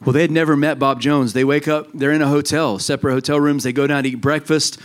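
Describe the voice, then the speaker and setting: A man's voice: on the high side, little pitch movement, fast. A man preaching a sermon as a pastor, earnest and fervent.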